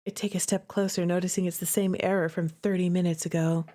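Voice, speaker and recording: A woman's voice: fairly low pitch, flat delivery, fast talker, warm tone. A young woman streaming a visual novel, reacting in a dramatic, playful way. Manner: dramatic, playful, lots of laughs and gasps.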